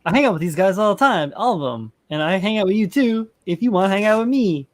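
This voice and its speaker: A man's voice: high-pitched, expressive, fast, no echo. A man on a panel call giving a loose, casual sign-off, swearing easily.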